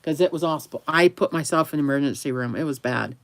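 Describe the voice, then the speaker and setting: Talking at a quick pace, the woman has a deep voice and there's no echo. In her casual vlog she rambles on to camera, laughs often, and speaks lovingly to her dog between comments.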